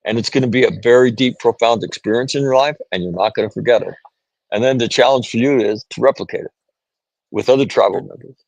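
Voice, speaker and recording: A man's voice: medium pitch, fast talker, creaky, a little mellow, no echo, low-quality recording. A middle-aged American man telling stories in conversation, earnest, often asking "right?" and restarting phrases. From United States. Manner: repeats "right?", many restarts, quotes others. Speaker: podcast guest, author.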